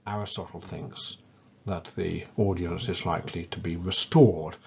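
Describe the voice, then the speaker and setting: A man giving a measured, scripted lecture and leaning on key words as he explains ideas. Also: sits low, fairly even intonation, gravelly, a little mellow, husky, muffled recording.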